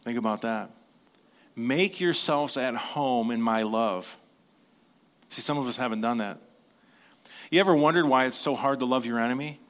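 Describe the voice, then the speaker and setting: A man preaching a sermon in an earnest, conversational way, reading scripture slowly and asking his listeners questions. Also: fairly bright tone. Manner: reads scripture slowly, then rises in pitch and energy.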